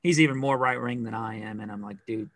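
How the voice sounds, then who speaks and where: A middle-aged man co-hosting a podcast, chatting casually in a rambling, animated way with lots of fillers. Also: medium pitch, quick pace, no room sound. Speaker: podcast co-host. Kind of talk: casual chat.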